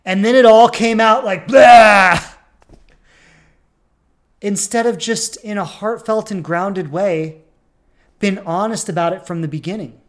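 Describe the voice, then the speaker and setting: A relationship coach hosting a podcast, talking earnestly and repeating phrases for emphasis, with sudden loud bursts. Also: medium pitch, fairly even intonation, moderate pace. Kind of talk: podcast monologue.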